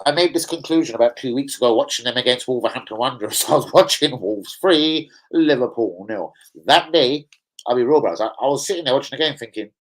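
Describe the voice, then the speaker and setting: Male fan-channel host, casual streaming chat, animated and profane. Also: medium pitch, poor audio. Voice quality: profane, animated, slang-heavy.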